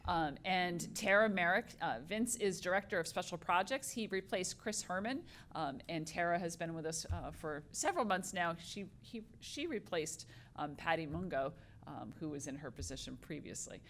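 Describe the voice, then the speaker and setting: A woman's voice: on the low side, expressive, normal speed, a bit bright, a little hiss or hum. A woman hosting a community meeting, thanking people and introducing the guests in a hesitant way with many fillers. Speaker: meeting moderator.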